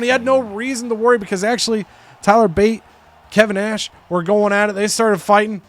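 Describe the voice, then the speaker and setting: A young man chatting casually, retelling game events with quick silly character voices. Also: sits high. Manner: animated storytelling, slips into quick silly voices. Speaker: game show co-host recapping matches. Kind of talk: casual chat.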